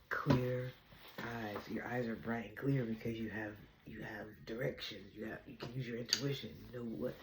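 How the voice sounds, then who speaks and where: A woman hosting her own chat vlog from home, talking fast and bubbly about spiritual topics and laughing often. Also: very deep voice, steady tone, noisy background. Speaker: vlog host. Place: home apartment.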